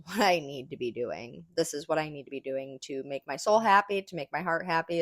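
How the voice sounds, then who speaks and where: A woman with a somewhat low voice hosts a podcast in loose, rambling chat. She swears freely, laughs often and sounds relaxed as she smokes between thoughts. The sound is dry and close. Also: dry recording. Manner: relaxed, smoking while talking. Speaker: podcast host.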